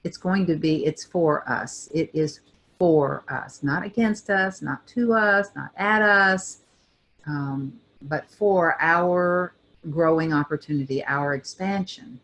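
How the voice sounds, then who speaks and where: Older female co-host with a lowish voice, thoughtful storyteller who pauses and restarts. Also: a bit bright. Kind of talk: reflective personal storytelling.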